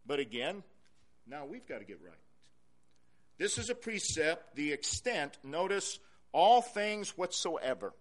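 A male pastor preaching a sermon in a church, repeating key phrases and swinging from quiet to loud. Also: on the high side, very animated, unhurried, long pauses.

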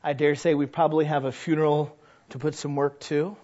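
High-voiced folksy male preacher. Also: little pitch movement, fairly quick, darkish tone, dull audio. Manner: folksy, conversational preaching with rhetorical questions. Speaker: pastor. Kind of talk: sermon.

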